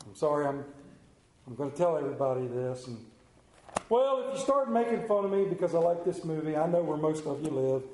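A man's voice: a little high, a little fast, a little hiss or hum. Folksy preaching man in an echoey room. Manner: folksy storytelling, swinging from loud excitement to hushed tones. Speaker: pastor. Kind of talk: sermon.

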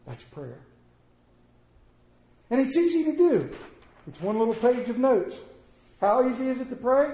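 A man preaching a sermon, telling stories and swinging between quiet and loud delivery. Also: on the high side, moderate pace, long pauses. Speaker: pastor. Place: church sanctuary. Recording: roomy church echo.

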